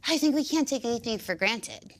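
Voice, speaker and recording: A woman's voice: fairly high pitch, animated, brisk. A young woman guest with an unusual speaking voice, chatting casually in an interview and restarting her sentences with fillers. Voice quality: unique speaking voice.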